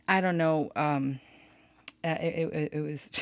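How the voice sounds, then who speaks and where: A woman's voice: low voice, dry recording. A woman chatting casually from a small home studio, rambling and laughing often, telling stories with self-aware melodrama. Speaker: spiritual channeler and tarot reader. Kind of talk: casual chat.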